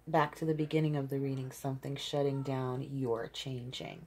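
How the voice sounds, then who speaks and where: Husky low-voiced woman reading tarot. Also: darkish tone. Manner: earnest and emphatic, searching for words mid-sentence. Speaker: tarot reader. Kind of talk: intuitive tarot reading for viewers.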